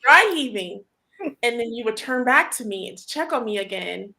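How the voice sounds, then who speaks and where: A woman hosting a casual group chat, telling a story in an animated way, full of fillers and laughter. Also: on the high side, normal speed, creaky. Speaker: host.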